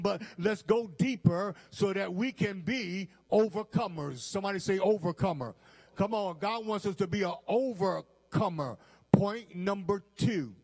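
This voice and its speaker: Slow, emphatic high-voiced preacher man. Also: darkish tone. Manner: emphatic, repeats lines and asks the congregation to stay with him. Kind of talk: sermon. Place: church.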